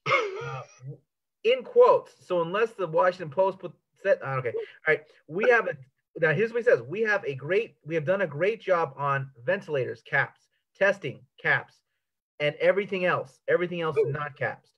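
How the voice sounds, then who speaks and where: A man's voice: on the high side, sing-song, moderate pace, husky. A man in casual conversation who stumbles over his words and picks apart small details with amused disbelief. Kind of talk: casual chat. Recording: dull lo-fi audio.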